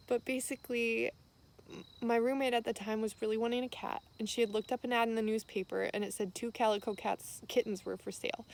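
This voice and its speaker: A woman's voice: on the high side, a little mellow. A young woman vlogger sharing a personal faith testimony, tearful and emotional, with many fillers as she tells her story.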